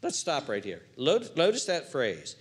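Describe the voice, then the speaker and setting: A man's voice: medium pitch, huge pitch swings, measured pace. A male pastor preaching an expository sermon, emphatic and repeating words for stress.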